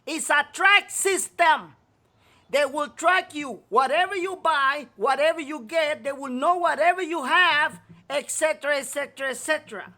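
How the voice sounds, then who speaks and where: A man's voice: very high-pitched, moderate pace, bright, forceful tone. A male talk show host delivering a profane, scolding rant, repeating himself to hammer his point home. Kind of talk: ranting talk show monologue.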